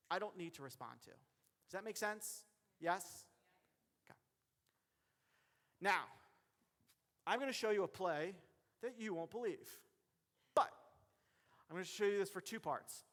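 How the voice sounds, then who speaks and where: A man giving a motivational keynote as a referee, speaking directly to the audience in a lively way. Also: sits high, moderate pace, pauses often. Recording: long hall reverb.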